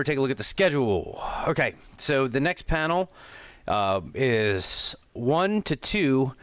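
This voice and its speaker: A man's voice: mid-range voice, a bit bright, clear, resonant tone, dry recording. A man hosting a live stream, chatting casually with many fillers and apologies. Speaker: streamer commenting on a live event.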